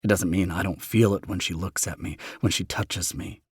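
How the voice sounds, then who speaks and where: A man narrating a romance audiobook in the first person, tender and unhurried. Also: low voice, steady tone, slightly rough, no room sound, clean studio sound.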